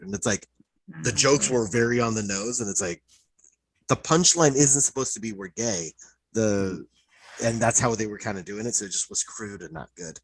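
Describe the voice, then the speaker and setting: A man co-hosting a podcast, excitedly retelling cartoon episodes in casual chat, full of fillers and swearing. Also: fairly low pitch, moderate pace, rough recording. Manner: excited, profane storytelling, many "like" fillers. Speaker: podcast co-host.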